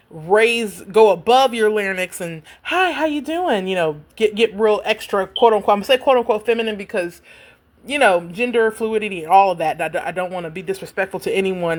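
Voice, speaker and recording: Woman, self-published author, casual livestream chat, animated, chatty, mid pitch, talks to viewers, at home.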